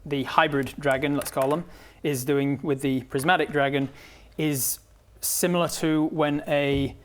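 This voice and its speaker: A man running a tabletop game as game master, narrating the action in a lively way and often laughing. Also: fairly high pitch, unhurried.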